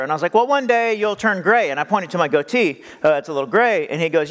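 Quick and animated, this pastor's fairly bright voice sits high as he jokes his way through a storytelling sermon. His conversational style includes self-deprecating asides, all captured with long hall reverb.

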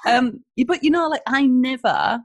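A woman's voice: high-pitched, normal speed, dry recording. A woman with an Australian accent, a business founder talking as a podcast guest in a rambling, chatty way full of "you know, like". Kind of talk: casual podcast interview.

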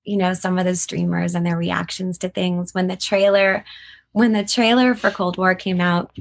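A woman's voice: lowish voice, normal speed, creaky. A middle-aged woman, a voice actor, chatting animatedly in an interview. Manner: animated, chatty, laughs often. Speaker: voice actor guest. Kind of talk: casual interview chat.

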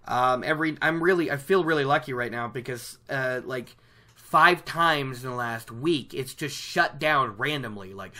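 Bright, chatty book recapper. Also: mid-range voice, moderate pace. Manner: chatty, rambling, self-correcting. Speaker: book reader discussing a chapter. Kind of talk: casual chapter recap. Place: at home by a laptop.

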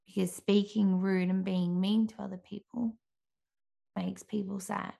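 A woman in her thirties, a mother, giving an earnest, gentle devotional talk with frequent restarts. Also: medium pitch, gravelly.

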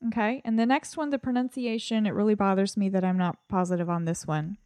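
A woman co-hosting a podcast in casual banter, playful but quick to defend herself when teased. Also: mid-range voice, steady tone, warm tone, dry recording. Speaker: podcast co-host.

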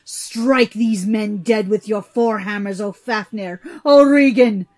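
A woman's voice: measured pace, mellow, lightly acted. A woman reading a storybook, voicing a greedy, cunning old man who is a sorcerer and a father. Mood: shrieking grief. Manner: shrill, cries out.

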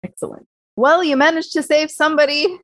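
A woman's voice: high-pitched, fairly even intonation, a little fast, fairly bright tone, no echo. Hesitant woman player, dry sound. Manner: thinking aloud, hesitant. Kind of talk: casual tabletop play.

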